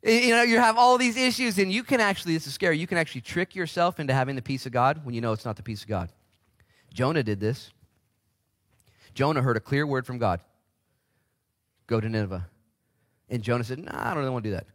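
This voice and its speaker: A man in his forties preaching a sermon as pastor, animated and jumping into high voices to act out the people he quotes. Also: quick pace.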